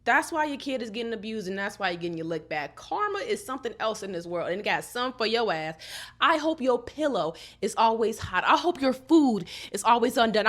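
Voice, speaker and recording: A woman talks through an anime episode in a loose, slangy vlog voice, throwing sassy jabs at the characters. Her voice sits a little high and swings all over with lively expression. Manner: animated, sassy, roasting the characters. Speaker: anime recap vlogger. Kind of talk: casual slangy episode recap.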